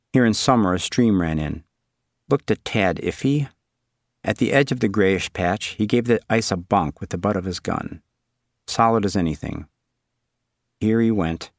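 A man narrating an audiobook in a dry, deadpan, wry manner. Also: lowish voice, no room sound.

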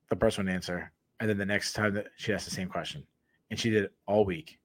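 Podcast co-host, male, lowish voice, loose casual storyteller who laughs a lot. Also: fairly even intonation, a little fast, no room sound. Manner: rambling, laughs often between sentences. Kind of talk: casual chat.

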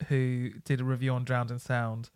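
A man's voice: mid-range voice, monotone, normal speed, darkish tone, smooth, no echo, clean studio sound. A man co-hosting a music podcast in casual chat, enthusiastic and rambling with restarts.

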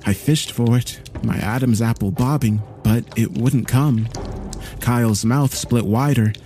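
A man narrating a horror story in a slow, grave storytelling manner. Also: mid-range voice, warm tone, soft background music.

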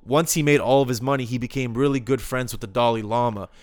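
Young male podcast host, rambling storyteller, smooth and dry. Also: mid-range voice, fairly even intonation, quick pace, darkish tone, no room sound. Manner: rambling storyteller with many restarts. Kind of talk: casual chat.

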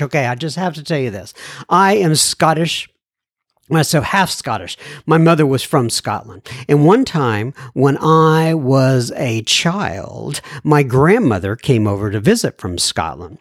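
A man from Alabama hosts a recovery podcast and chats his way through listener mail. He sounds folksy and fond of a joke, and he stretches his phrases out. His voice sits at a middling pitch in a dry, close recording. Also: sing-song, no room sound. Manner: folksy, joking, drawn-out phrasing. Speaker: podcast host. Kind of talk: casual podcast talk, reading listener mail.

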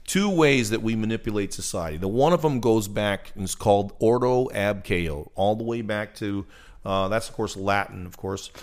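A man's voice: fairly low pitch, normal speed. A man hosting a casual talk show, explaining things at length and laughing easily.

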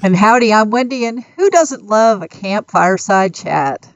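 A woman's voice: mid-range voice, animated, moderate pace, no echo, muffled recording. Cheerful female podcast co-host. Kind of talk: casual podcast chat.

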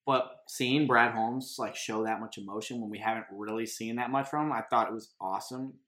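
A man's voice: lowish voice, fairly even intonation, a little fast, fairly bright tone. A man co-hosting a casual sports talk show, arguing his points and hedging with filler words. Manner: argumentative, hedging with "like". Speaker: podcast co-host.

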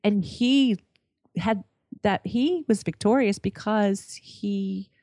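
A woman's voice: mid-range voice, slow pace, mellow, no echo, studio quality. A middle-aged woman, a podcast guest, chatting enthusiastically and often restarting her sentences. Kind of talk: casual interview chat.

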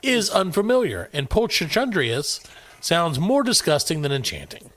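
A man's voice: on the high side, sing-song, normal speed, fairly bright tone, dry recording. A man hosting a comedy podcast, playful and joking as he spells out and reads odd words to his co-hosts. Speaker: podcast host. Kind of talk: casual comedic chat.

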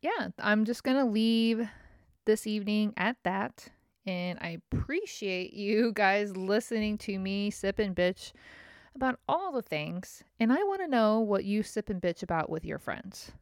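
A woman's voice: mid-range voice, animated, unhurried, clear, resonant tone, dry recording, studio quality. A woman hosting her own podcast, chatting in a rambling, self-mocking way. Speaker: podcast host. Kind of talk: casual chat.

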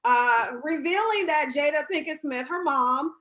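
A woman hosting a casual interview over a video call, bubbly and quick to laugh. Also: high-pitched, fairly bright tone. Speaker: talk show host.

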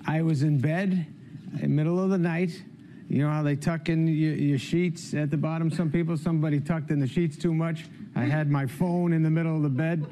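A man's voice: fairly high pitch, fairly even intonation, fairly quick, mellow, poor audio. A man telling a sheepish, amused story as a guest on a TV talk show. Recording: TV studio clip with audience.

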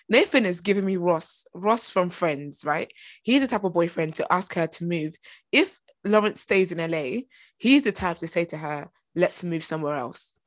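A young woman recapping a TV episode in a chatty vlog, animated and gossipy, acting out her own reactions. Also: fairly low pitch, no echo. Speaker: TV show reviewer.

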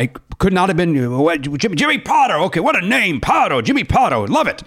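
A man hosting a casual comedy podcast tells animated stories, acting out the people in them with raised voices. His voice is on the high side, and he speaks briskly with hardly any pauses.

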